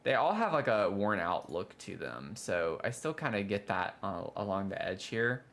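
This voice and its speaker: A man's voice: fairly low pitch, big pitch swings, normal speed, a bit bright. A man casually chatting through a building game on a livestream, complaining about bugs and groaning when things go wrong. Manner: chatty, frustrated, prone to dramatic groans. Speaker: game streamer.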